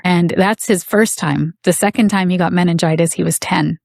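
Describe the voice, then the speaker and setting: A woman's voice: fairly low pitch, fairly even intonation, fairly quick, vocal fry, no room sound, studio quality. A middle-aged woman, a podcast guest, telling an emotional personal story with intensity and indignation, acting out the voices of others. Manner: intense, indignant, acts out quoted dialogue.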